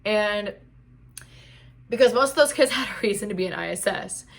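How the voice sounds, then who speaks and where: A woman's voice: mid-range voice, moderate pace. A young woman telling a storytime vlog in a chatty way, leaning on "like" a lot. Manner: chatty, heavy use of "like". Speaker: vlogger. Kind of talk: casual storytime. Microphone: camera mic.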